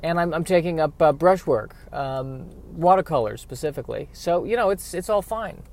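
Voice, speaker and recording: A man's voice: a little high, lively intonation, normal speed, a little mellow, pitched above the performer's own voice. A man voicing a mild-mannered Frankenstein's monster, an easygoing, self-accepting figure who rambles with hesitant fillers, recorded in a car while driving. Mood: laid-back, earnest. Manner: rambling, hesitant, full of "you know" fillers.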